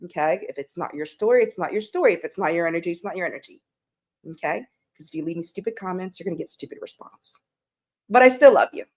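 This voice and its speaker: A woman's voice: fairly low pitch, expressive, fast talker, darkish tone. A woman hosting a casual live-stream tarot reading, chatting and greeting viewers with pet names. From Canada.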